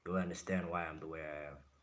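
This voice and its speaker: A man's voice: a bass voice, flat delivery, fairly quick, slight background noise. A man from South Africa hosting a live stream, casually answering his chat in a blunt way and laughing often.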